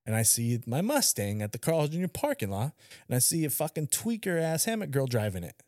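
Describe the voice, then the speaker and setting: A man's voice: mid-range voice, a little fast, no room sound, clean studio sound. A young adult man co-hosting a podcast, telling rowdy stories in casual chat, swearing and acting out what people said. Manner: animated storyteller, swearing, acting out quotes. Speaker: podcast co-host.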